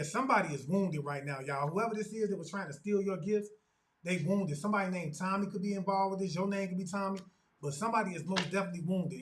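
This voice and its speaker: A man's voice: high voice, background noise. A man giving a tarot reading as a spiritual medium, talking to viewers in an emphatic, repetitive way and calling on spirit aloud between statements. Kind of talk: channel tarot reading monologue.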